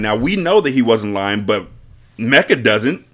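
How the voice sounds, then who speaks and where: A man's voice: mid-range voice, big pitch swings, a little slow, fairly bright tone. A man hosting a podcast, reading a novel aloud and breaking off for blunt, profane commentary. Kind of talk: casual read-aloud with commentary.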